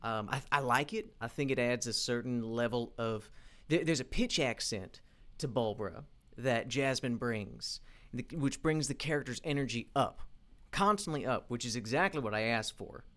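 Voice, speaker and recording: A man's voice: medium pitch, animated, normal speed, fairly bright tone. A man recording a casual work vlog, thinking aloud as he animates, rambling with frequent restarts and fillers. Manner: thinking aloud while working. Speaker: independent animation creator.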